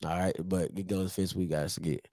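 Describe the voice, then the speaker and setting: A man, hosting a casual sports chat to camera, ranting and poking fun at old-timers with loud put-on voices. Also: deep voice, steady tone, fairly quick, no echo, studio quality. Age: 30s. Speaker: show host.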